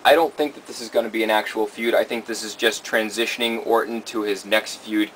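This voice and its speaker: A man with a lowish voice co-hosts a casual show, laying out his picks step by step. He talks in a measured, plain way. Faint background noise sits under the recording. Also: fairly even intonation, a bit bright. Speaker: co-host running a segment. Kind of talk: casual talk show chat.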